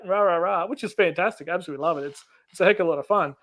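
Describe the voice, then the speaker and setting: A man's voice: sits high, very fast, hardly any pauses. An Australian man hosting a casual live stream chat, talking easily, laughing often and acting out little dialogues as he tells stories. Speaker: channel host.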